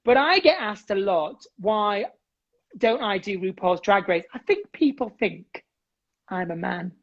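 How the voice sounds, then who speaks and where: A British woman co-hosts a casual chat, teasing her partner with mock indignation. Her voice sits at a middling pitch. It comes through muffled, like a lo-fi live stream. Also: expressive, a little slow. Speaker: co-host. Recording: dull lo-fi live stream sound.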